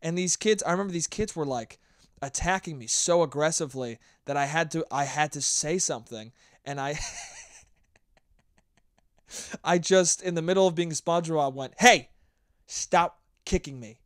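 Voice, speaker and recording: Solo podcast host, male, fairly high voice, profane and rambling storyteller, dry close-mic read. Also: unhurried, pauses often, clear, resonant tone, no echo.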